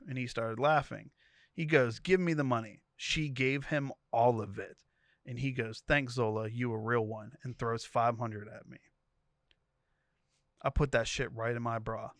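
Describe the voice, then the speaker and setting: A man's voice: mid-range voice, fairly bright tone, no room sound, clean studio sound. A man co-hosting a podcast, reading a profane story thread aloud and quoting each character in turn. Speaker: podcast co-host.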